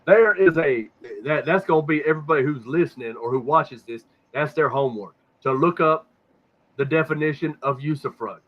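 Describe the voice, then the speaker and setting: A man's voice: fairly high pitch, normal speed. A man hosting a casual podcast, rambling and swearing a lot, often repeating words as he hunts for the next thought. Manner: profane, rambling, repeats words when stuck. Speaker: podcast host. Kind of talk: casual conspiracy talk. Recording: dull lo-fi sound.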